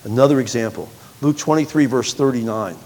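A man preaching a sermon, reading scripture aloud with sharp swings between loud, high bursts and quiet, low passages. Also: a little fast, big-room sound, slight background noise. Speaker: pastor.

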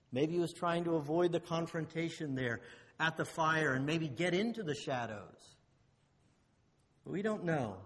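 A man preaching a sermon, swinging between loud emphasis and hushed low phrases, and asking the listeners rhetorical questions. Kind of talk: expository sermon. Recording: long hall reverb.

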